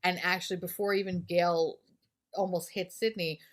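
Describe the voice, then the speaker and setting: A woman's voice: on the low side, level tone, moderate pace. A woman co-hosting a podcast, chatting casually about a horror film with crude jokes and frequent laughs. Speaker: podcast co-host. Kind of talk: casual chat.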